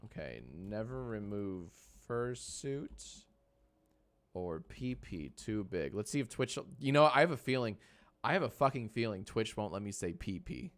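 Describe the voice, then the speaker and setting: A man's voice: fairly low pitch, expressive, unhurried. A man in his thirties casually streaming from his home editing room, joking with chat, running polls and cooing at his dog. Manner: soft baby talk to his dog.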